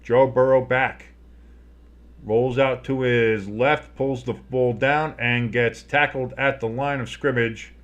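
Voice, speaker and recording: A man's voice: mid-range voice, steady tone, unhurried, hardly any pauses, a bit bright, lo-fi sound. Man calling live football play-by-play. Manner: rambling, swears, restarts his sentences. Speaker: play-by-play commentator. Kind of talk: casual live play-by-play commentary.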